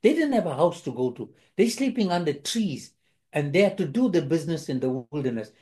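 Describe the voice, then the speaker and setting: Animated preacher with a dark, mellow voice. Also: male voice, fairly high pitch, a little fast. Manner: animated, repeats and restarts phrases, acts out quoted lines. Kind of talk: sermon.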